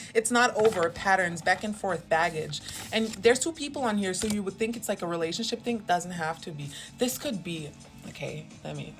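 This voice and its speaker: A young woman chatting casually through a tarot reading in a rambling, self-mocking way. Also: on the low side. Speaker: tarot reader.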